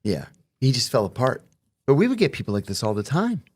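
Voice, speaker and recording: A man's voice: mid-range voice, huge pitch swings, a little fast, a little mellow, slightly rough. A middle-aged man, a former intelligence officer, talking in a casual conversation with emphatic, wry asides.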